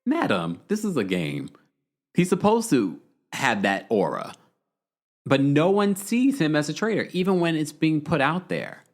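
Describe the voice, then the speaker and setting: A man's voice: fairly high pitch, wildly swooping pitch, moderate pace. A man hosting a livestream, chatting casually, bluntly ranting and reading viewer comments aloud. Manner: blunt, exasperated rants. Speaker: podcast host.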